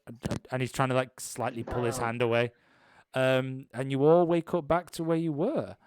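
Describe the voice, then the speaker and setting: Young man, game master, improvised tabletop narration, halting, filler-heavy. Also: mid-range voice, steady tone, darkish tone, clear, resonant tone, dry recording. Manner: rambling, many ums and restarts.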